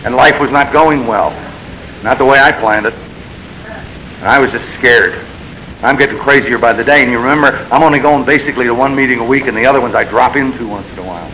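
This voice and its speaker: A man's voice: medium pitch, fast talker, bright, forceful tone, a little hiss or hum, low-quality recording. A man speaking at a recovery meeting, telling his story in a blunt, self-mocking way that swings between wry and exasperated. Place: meeting room.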